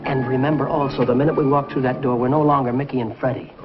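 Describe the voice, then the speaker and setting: A man's voice: mid-range voice, steady tone, fast, music in the background. A man acting the lead in an old sitcom, eager and bossy. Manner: eager, bossy pep talk. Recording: muffled old TV sound, audience and noise.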